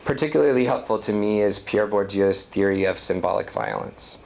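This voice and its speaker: A man giving an academic lecture, reading a prepared talk at a measured pace. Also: fairly low pitch, lively intonation, gravelly, a little mellow. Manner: reads prepared text, measured.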